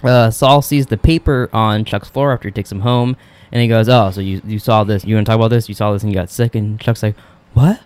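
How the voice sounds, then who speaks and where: Fast-talking young man recapping a show. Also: fairly low pitch, fairly even intonation, a little mellow. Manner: rapid retelling, acting out characters' lines, swears freely. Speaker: podcast co-host. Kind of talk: casual chat recapping a TV episode.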